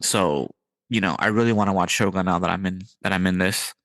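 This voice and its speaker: Male podcast host, lower register, casual and animated, punchy rises on jokes, dry close sound. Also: brisk, dry recording. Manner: excited and riffing, jumps pitch on punchlines.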